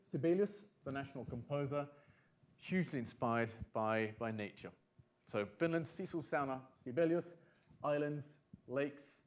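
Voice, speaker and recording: Chatty male conference speaker, middle-aged. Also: mid-range voice. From Britain and France. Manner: chatty, asks the audience questions, dry humor. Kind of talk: conference talk to a live audience. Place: conference hall.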